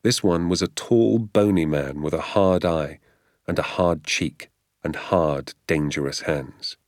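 A man reads a story aloud in a steady, descriptive way, his voice very deep. The recording is close and dry, with no room sound at all. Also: unhurried, dry recording. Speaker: narrator. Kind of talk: scripted audiobook narration.

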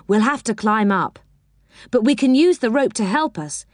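Lady putting on a bright keen little boy from a storybook, higher voice, lively ups and downs. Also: normal speed, no room sound, clean studio sound, lightly acted. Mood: eager. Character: eager young boy leading the others.

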